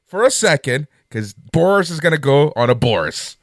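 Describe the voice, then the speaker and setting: A man co-hosting a podcast in casual chat, animated and profane, rambling a little as he talks. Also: on the high side, moderate pace, no room sound, studio quality. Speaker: podcast co-host. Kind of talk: casual sports and wrestling chat.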